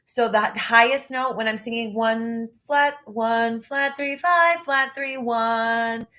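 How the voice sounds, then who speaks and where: A woman vocal coach teaching a live online ear-training lesson. She has a phlegmy throat that she clears often, and she breaks into short sung demo phrases. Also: fairly high pitch, takes it slowly, pushed and bright.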